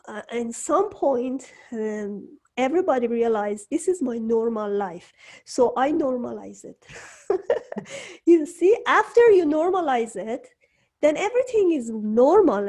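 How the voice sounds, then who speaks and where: A woman hosting an interview from her home studio, speaking English as a second language, slow and halting, with frequent restarts. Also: on the high side, a little mellow. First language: not English. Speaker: host. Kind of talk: casual interview chat.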